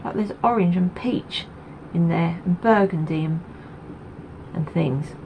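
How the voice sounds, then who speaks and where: A woman's voice: lowish voice, measured pace, vocal fry, muffled recording, slight background noise. Chatty woman rambling to camera. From Essex, England. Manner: rambling, chatty, with many ums and asides. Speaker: knitting podcast host. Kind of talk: casual chat to camera.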